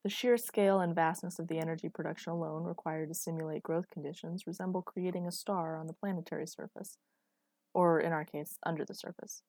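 Woman audiobook narrator, lowish voice, measured reading, dry close recording. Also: fairly even intonation, darkish tone, no echo. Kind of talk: first-person fiction narration.

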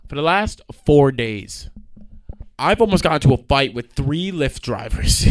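A young man telling a profane, animated storytime rant, acting out the people in his stories. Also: medium pitch, no room sound, studio quality. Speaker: vlogger. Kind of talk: ranting storytime monologue.

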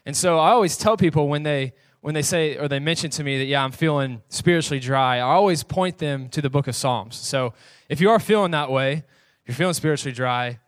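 A man's voice: a little high, a little fast, no echo. Man preaching a casual, joking sermon. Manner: casual, joking, talks to the audience. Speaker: pastor. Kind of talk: sermon with personal stories.

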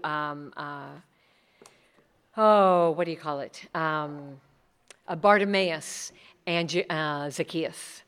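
A middle-aged woman speaks to a room in a lower voice, chatty and animated. She slips into other people's voices when she quotes them. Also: clean tone. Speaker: speaker leading a workshop. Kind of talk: conference talk.

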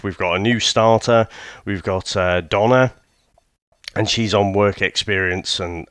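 A man's voice: lowish voice, a bit bright, smooth, dry recording, studio quality. A man in casual chat, telling a rambling story with swearing and frequent laughter. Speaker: podcast co-host.

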